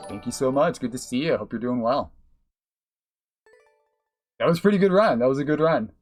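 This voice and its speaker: A man's voice: medium pitch, expressive, a little fast, long pauses, faint music behind. Chatty, laughing male game streamer. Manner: chatty, swears, laughs often, thanks viewers. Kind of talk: live gameplay commentary.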